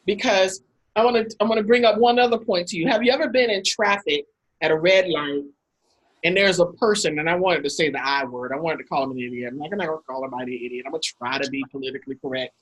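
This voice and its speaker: Woman, husky voice, storytelling host, animated anecdotes, video call. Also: low voice, fast, poor audio. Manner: animated anecdotes, acts out quotes with laughs. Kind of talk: casual storytelling talk.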